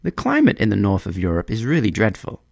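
A man reading a storybook aloud in a measured, expressive way. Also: on the low side, vocal fry, dry recording, clean studio sound.

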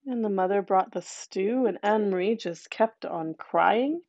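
A woman narrates a grim folk tale in a mellow, warm voice, breaking off for chatty asides to her listeners. The recording is dry and a little dull in tone. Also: mid-range voice, unhurried, no echo. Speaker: storyteller. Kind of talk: oral fairy-tale storytelling with asides.

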